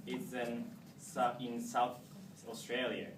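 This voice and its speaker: A man's voice: mid-range voice, completely flat delivery, slow pace. A young man from Japan, speaking English with a Japanese accent, gives a casual, hesitant talk to an audience with many fillers and restarts. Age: young adult. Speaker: returning exchange student. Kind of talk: informal presentation to an audience. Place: meeting hall. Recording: echoey room, recorded from a distance, noisy.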